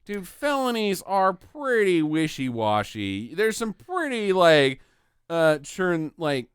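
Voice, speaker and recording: A man co-hosting a casual comedic movie review podcast, joking with quick asides. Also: sits high, sing-song, clear, resonant tone, no room sound, studio quality. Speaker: podcast co-host.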